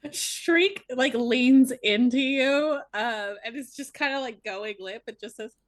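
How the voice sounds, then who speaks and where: A woman's voice: on the high side, slow, a little hiss or hum. A woman playing in a tabletop game, describing her character's actions while giggling.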